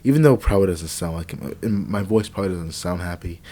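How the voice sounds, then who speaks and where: A young man quietly commenting on a truck driving game at home at night, rambling with lots of fillers and restarts on a cheap desk microphone. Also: deep voice, fast. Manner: hushed, quiet talking to avoid waking family. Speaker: let's play gamer. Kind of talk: casual gameplay commentary.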